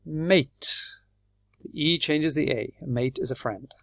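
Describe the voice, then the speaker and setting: A man with an Irish accent teaching English, explaining patiently and clearly and spelling words out letter by letter. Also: fairly high pitch, takes it slowly, a bit bright, dry recording, studio quality. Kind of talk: slow, clear classroom explanation.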